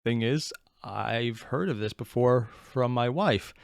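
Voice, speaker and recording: Blunt, disbelieving male reactor, lively swings in pitch, dead-dry close sound. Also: measured pace, vocal fry, smooth, no echo. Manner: incredulous, blunt, swears freely. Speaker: reaction video host. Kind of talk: casual reaction commentary.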